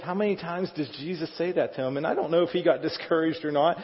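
A man's voice: fairly high pitch, quick pace. A middle-aged male pastor preaching a conversational sermon, often asking the congregation questions. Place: church sanctuary. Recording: dull sound in a reverberant hall.

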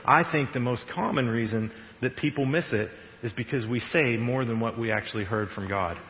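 A male pastor giving a conversational, animated sermon in a church and laughing now and then at his own jokes. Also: medium pitch, moderate pace. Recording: echoey hall, dull radio-like sound.

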